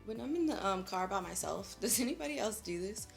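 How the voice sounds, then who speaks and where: Young woman, mid-pitched, chatty slangy beauty vlogger talking through her makeup, faint music underneath. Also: expressive, a little fast, vocal fry. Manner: chatty and slangy, laughing often. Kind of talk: casual vlog chat while doing makeup.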